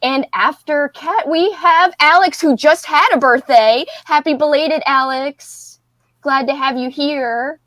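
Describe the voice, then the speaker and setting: A young woman with a high, bright-pitched voice hosts a casual group livestream. She talks in a bubbly, giggly, slightly scattered way, calling out names from the chat. The sound is close and dry. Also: measured pace, no room sound. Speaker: livestream host.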